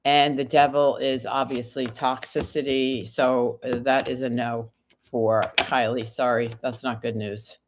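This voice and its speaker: A woman reads tarot on a live stream in a bass voice, her tone level and her delivery unhurried, with slight background noise. While she recovers from an illness, she reads viewers' questions aloud and takes them card by card.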